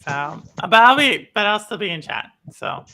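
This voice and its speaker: A woman chatting casually as a live stream guest, talking in a halting way and repeating herself. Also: mid-range voice, big pitch swings, sharp tone, poor audio. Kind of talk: casual chat. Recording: faint background noise.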